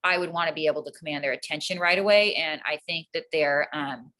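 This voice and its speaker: Earnest woman teacher, bright voice. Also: sits low, fast talker, poor audio. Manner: earnest, calm, explanatory. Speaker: teacher, guest. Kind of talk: casual interview answer.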